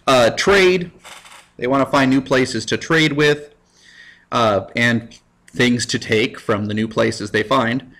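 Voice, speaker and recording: A man, a high school history teacher, giving a casual recorded lecture with jokey, self-mocking asides. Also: takes it slowly, a bit bright.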